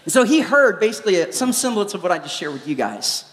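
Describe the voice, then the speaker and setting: A man, a former youth pastor, giving a live preaching talk in an animated, joking storytelling manner in a large church hall. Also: high voice, fast talker. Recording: echoey hall with long reverb.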